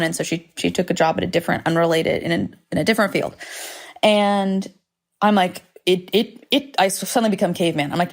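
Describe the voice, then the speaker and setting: A woman's voice: lowish voice, steady tone, fairly quick, creaky. Candid rambling woman podcaster. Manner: candid, rambling, swears freely, self-deprecating. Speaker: podcast host. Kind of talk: solo podcast monologue. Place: home, indoors.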